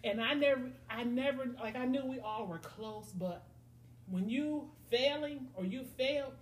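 An unhurried, high-pitched middle-aged woman hosts a laid-back podcast, acting out friends' voices as she spins animated stories. Faint noise and room echo are audible.

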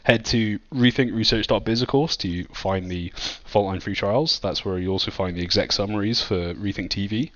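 A man's voice: on the low side, normal speed, few pauses, muffled recording. A man hosting a podcast in casual chat, rambling with many fillers and restarts. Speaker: podcast host.

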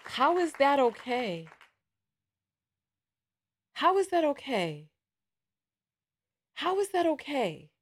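A woman's voice: sits high, big pitch swings, slow pace, long pauses, a faint crowd. A woman hosting a livestream, giving emphatic commentary with repeated rhetorical asides. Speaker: livestream host.

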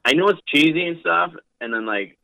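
A man's voice: on the high side, lively intonation, brisk, gravelly, bright, forceful tone, dry recording, poor audio. A young man in his twenties, a wrestler guesting on a podcast, rambling casually with lots of fillers. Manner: loose, rambling, heavy on fillers.

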